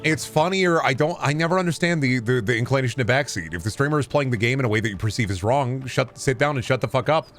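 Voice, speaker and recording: A man's voice: mid-range voice, animated, quick pace, few pauses, a bit bright, soft background music. A man streaming a video game, chatting casually and riffing on absurd jokes with plenty of profanity. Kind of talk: casual live-stream chat while gaming.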